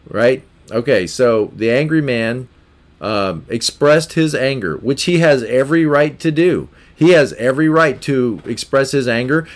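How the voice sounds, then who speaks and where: Man, mid pitch, emphatic, repetitive, self-help podcast talk. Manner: repetitive, emphatic, acts out example scenarios. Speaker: podcast host.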